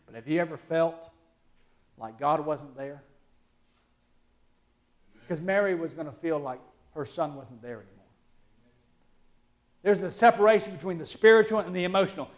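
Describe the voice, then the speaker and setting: Southern preacher guy from alabama, high voice, goes loud then drops real quiet. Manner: swings between loud preaching and hushed, low asides. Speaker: pastor. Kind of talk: sermon.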